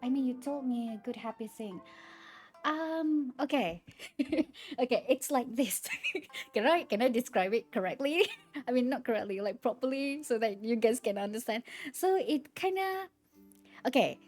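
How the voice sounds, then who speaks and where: A young woman streamer chatting casually with her viewers, retelling things in a halting, rambling way with many restarts. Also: on the high side, lively intonation, darkish tone, faint music behind.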